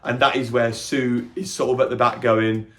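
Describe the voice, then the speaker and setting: A man hosting a podcast, retelling a film with animated energy, jumping into quick character quotes and stumbling over restarts now and then. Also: medium pitch. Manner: occasional stammering restarts. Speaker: podcast host reviewing a film. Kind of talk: casual film reaction recap.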